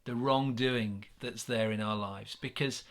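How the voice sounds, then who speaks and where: A man with an English accent giving a gentle, earnest sermon reflection, with many pauses and restarts. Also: mid-range voice, fairly even intonation. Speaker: church minister.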